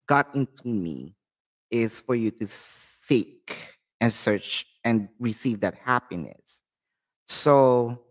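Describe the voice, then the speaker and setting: A man with a Filipino accent hosting a live tarot reading, speaking chatty and direct to his viewers. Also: mid-range voice. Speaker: tarot reader and channel host.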